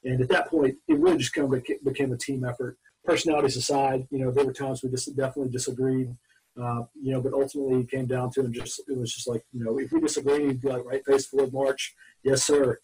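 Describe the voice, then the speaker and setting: Raspy-voiced man, far from the mic. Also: mid-range voice, level tone, quick pace, a little mellow. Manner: rambling, hesitant, with many "uh" restarts. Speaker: guest, former Marine officer. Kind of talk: interview storytelling.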